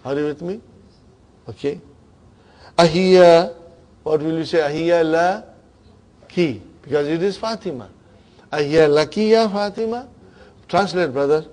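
A man's voice: a little high, moderate pace, pauses often, darkish tone. A man teaching a grammar class, questioning his students and checking in with them often.

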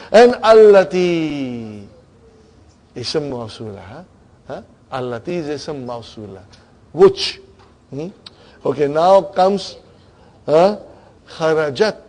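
A man's voice: a little high, darkish tone. A man teaching a grammar class, questioning his students and checking in with them often.

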